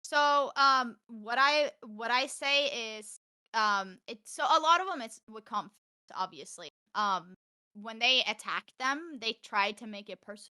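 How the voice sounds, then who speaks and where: A young woman from Norway, a streamer chatting as a podcast guest, animated and quick to laugh. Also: on the high side, clear, resonant tone, dry recording, clean studio sound. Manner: animated, laughs often, acts out quotes. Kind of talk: casual chat.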